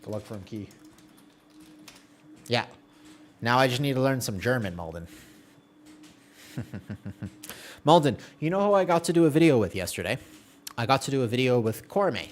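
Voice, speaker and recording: A man's voice: medium pitch, sing-song, normal speed, pauses often. A man streaming a game, chatting casually with his viewers and answering their messages as he plays, often laughing and trailing off mid-sentence. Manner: chatty, reads and answers viewer chat while playing. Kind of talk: casual live-stream chat.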